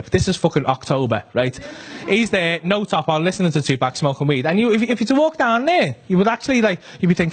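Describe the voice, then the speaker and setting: A man with a Northern English accent doing stand-up storytelling, animated and sweary, full of conversational asides. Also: fairly high pitch. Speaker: stand-up comedian.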